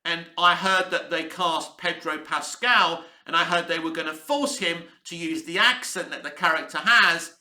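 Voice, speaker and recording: A man's voice: on the high side, normal speed, hardly any pauses, bright, forceful tone, reverberant. A man giving a blunt, candid TV review to camera, swearing freely. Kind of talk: casual opinionated review to camera. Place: room where he is based, in Cyprus.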